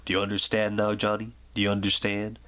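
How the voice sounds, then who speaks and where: A weathered old lighthouse keeper speaks in a low, quiet voice, as a man reads him out. He is calm and wistful, and he tells his story slowly and steadily, the way a bedtime ASMR storybook is read. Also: natural voice.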